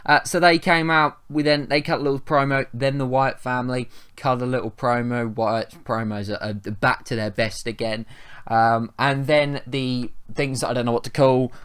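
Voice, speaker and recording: A man's voice: mid-range voice, steady tone, normal speed, fairly bright tone, clear, resonant tone. An English man giving a rambling, chatty wrestling review, often restarting his sentences and swearing casually. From England.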